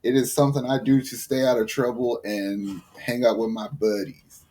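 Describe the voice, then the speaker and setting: Profane Texan gym bro, casual chat. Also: male voice, medium pitch, normal speed. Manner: profane, animated storytelling about gym routine. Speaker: podcast co-host.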